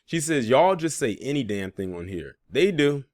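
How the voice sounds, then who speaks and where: A man's voice: mid-range voice, sing-song, moderate pace, darkish tone, dry recording, studio quality. Sarcastic man reacting to posts. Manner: sarcastic, laughing asides. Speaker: commentary channel host. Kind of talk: reading and reacting to social media posts.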